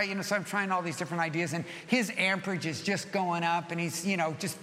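A middle-aged male pastor preaching with a high, bright voice. He tells his stories with animation, dropping soft and then rising loud. The long reverb of a big hall trails every phrase. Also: fairly even intonation, fast talker, few pauses, slight background noise. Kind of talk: sermon.

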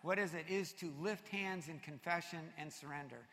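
A man preaching a sermon to a congregation, energetic and shouting at his peaks, then dropping low and soft. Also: normal speed. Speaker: pastor. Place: large church hall with congregation. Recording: reverberant church hall.

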